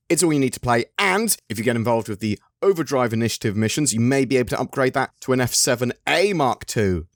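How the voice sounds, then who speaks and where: An English man hosting a gaming news channel, reading through a development report at a brisk clip before a casual sign-off. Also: mid-range voice, dry recording, studio quality. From England. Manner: brisk, rapid delivery. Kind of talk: reading a dev report then casual outro.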